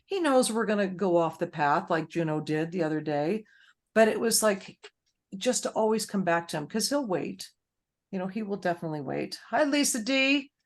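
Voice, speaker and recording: A woman's voice: mid-range voice, expressive, normal speed. Chatty woman hosting a support group. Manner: chatty, storytelling with many fillers. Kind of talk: faith-based grief support group chat.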